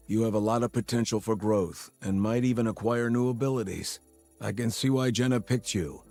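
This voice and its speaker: A stern, formal commander of hunters with a lowish voice. He speaks in a measured, official manner. Faint game music plays behind him. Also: creaky, darkish tone, husky, full character voice.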